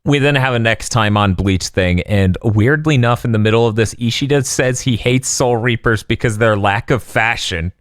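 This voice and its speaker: A man's voice: medium pitch, normal speed, hardly any pauses, no echo, studio quality. A man hosting a podcast, recapping an episode casually with frequent laughter and swearing. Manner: laughing, profane storytelling. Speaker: podcast host.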